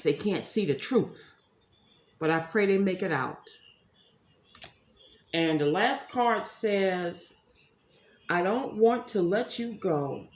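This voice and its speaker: A woman giving a casual tarot reading to her viewers, chatty and emphatic, calling them y'all. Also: sits low. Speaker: psychic tarot reader. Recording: echoey room, faint ambience.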